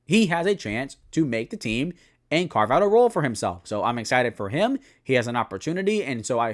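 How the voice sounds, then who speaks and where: A young man giving a solo football season preview, talking it through with animated, self-correcting analysis. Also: mid-range voice. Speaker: sports commentator.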